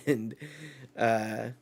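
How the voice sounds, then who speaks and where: A man's voice: lowish voice, steady tone, very slow, creaky, fairly bright tone. A man hosting a live reaction, reading dialogue aloud and casually narrating what happens on each page. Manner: reads dialogue aloud and narrates panels in a chatty way. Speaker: channel host reacting to a manga chapter.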